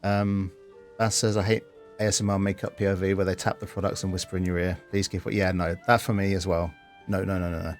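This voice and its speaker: Man hosting a game stream, deeper side, casual and sweary. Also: flat delivery, fast, faint music behind. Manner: laughing, sweary, chatty. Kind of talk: casual stream chat, reading chat aloud.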